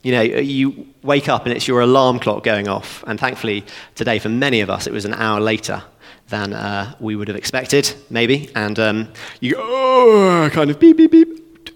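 A man preaching a sermon, walking through a passage verse by verse in an animated, conversational way with joking asides. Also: fairly low pitch, normal speed, creaky. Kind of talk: expository sermon. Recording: long reverb of a church hall.

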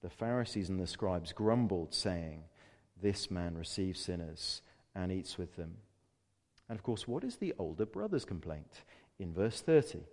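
A man's voice: deep voice, big pitch swings, measured pace, a little mellow. A man preaching a sermon, earnest and emphatic, asking rhetorical questions and reading scripture aloud. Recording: long hall reverb.

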